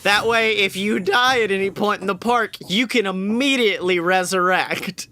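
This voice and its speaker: A man's voice: sits high, moderate pace, pushed and bright, no room sound. A man co-hosting a podcast in casual chat, blunt and self-mocking, with casual swearing. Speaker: podcast co-host.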